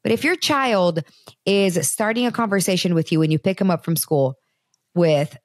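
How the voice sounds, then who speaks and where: A woman in her thirties hosts a parenting talk show on a podcast, speaking earnestly and conversationally right to her listeners. Her voice is fairly low at normal speed, with no room sound and studio quality.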